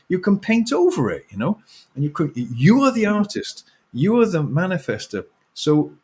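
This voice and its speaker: Animated man ranting passionately. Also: fairly high pitch, slightly rough. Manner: animated ranting with swearing and laughs. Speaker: author guest. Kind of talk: impassioned interview talk.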